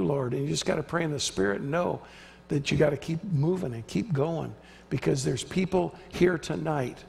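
A male guest preacher delivers an emphatic sermon, acting out the voices he quotes. His voice sits high with a gravelly edge. The sound rings with the long reverb of a church sanctuary. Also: darkish tone. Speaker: visiting preacher.

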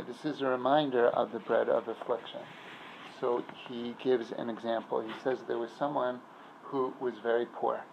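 A rabbi gives an easygoing synagogue class, talking through stories and analogies and pausing as he gropes for words. His mid-range voice barely moves in pitch and has vocal fry, on a muffled recording with faint hiss or hum.

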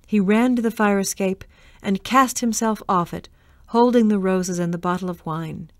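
A woman narrating a storybook in a measured, expressive reading voice. Her mid-pitched voice is dry and close to the microphone, with no room sound. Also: dry recording. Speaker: reader.

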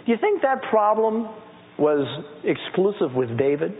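A middle-aged man preaching to a congregation in a conversational way, reading scripture and calling on listeners to repeat after him. His voice sits a little high for a man. The sound is thin and phone-like, with a long reverb tail from a large hall. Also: sing-song, unhurried. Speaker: pastor. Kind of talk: sermon. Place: church sanctuary with congregation.

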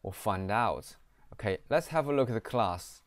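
A man giving a screen-recorded programming lesson, reading code aloud and often pausing on "okay". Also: lowish voice, animated, no echo. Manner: slow, repeats "okay", reads code aloud. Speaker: programming teacher. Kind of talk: screen-recorded coding tutorial.

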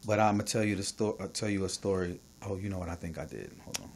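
A man from New York with a New York accent, co-hosting a casual podcast chat, animated and emphatic, swinging between loud bursts and soft asides. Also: low voice, quick pace, slight background noise. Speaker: podcast co-host.

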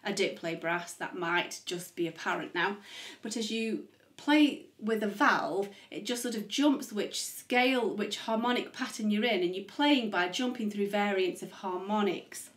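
A woman teaches music in a relaxed vlog, chatty and eager, often wandering off on tangents. Her voice sits at an ordinary middle pitch. The room gives it a noticeable echo. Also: a little slow. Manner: chatty and enthusiastic, easily sidetracked. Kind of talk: casual educational vlog. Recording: echoey room.

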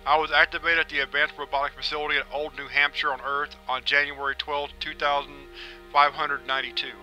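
A man voicing a literal-minded male robot, speaking in a flat monotone without natural inflection. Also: fairly high pitch, fairly quick, soft background music, rough recording. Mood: robotic.

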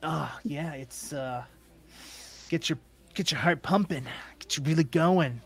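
A man's voice: on the high side, unhurried, gravelly, slightly rough, exaggerated voice. A man voicing a sleazy, flirtatious male gambler in a tabletop game, with smarmy drawling come-ons.

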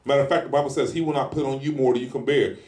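A man preaching a sermon in a casual, animated style, acting out little scenes as he goes. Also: medium pitch, very fast, reverberant. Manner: animated, acts out scenes in lively voices; speaks in informal colloquial style. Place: church hall.

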